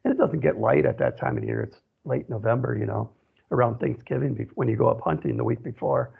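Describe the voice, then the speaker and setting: Over a thin line that sounds like a phone, a central Wisconsin man with a husky, gravelly mid-range voice rambles through a personal story on the radio. His delivery is sing-song and a little fast, looping back often with "you know."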